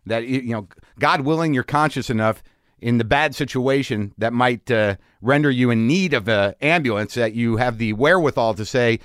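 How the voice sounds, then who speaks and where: A man hosting a podcast, telling a story in a casual, animated way and acting out the people in it. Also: mid-range voice, moderate pace, smooth, no echo, clean studio sound. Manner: animated, acts out the people in his stories. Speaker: podcast host. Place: home garage studio.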